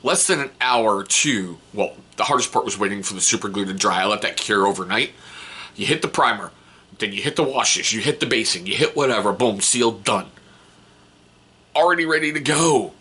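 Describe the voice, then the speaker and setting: A man hosting a casual hobby vlog, rambling and excitable, and swearing casually. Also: lowish voice, brisk, breathy edge. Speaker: hobby channel host.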